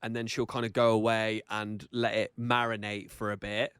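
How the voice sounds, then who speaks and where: A man's voice: on the low side, little pitch movement, moderate pace, fairly bright tone, clean tone, no room sound, studio quality. A young man co-hosting a casual podcast, swearing freely, laughing often and reading listener stories aloud. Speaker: podcast co-host. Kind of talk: casual chat.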